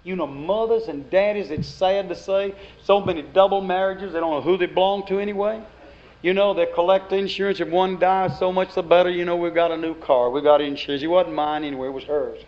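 A man preaches in a folksy, homespun way, his voice sitting a little high for a man. He swings from plain storytelling into loud, emphatic outbursts. The recording is dull and lo-fi. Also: fairly even intonation, a little fast. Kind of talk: sermon.

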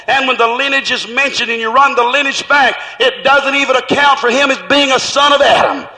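A man preaching a sermon in a fervent, rhythmic way, at times breaking into shouts. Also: very high voice, moderate pace, big-room sound, low-quality recording.

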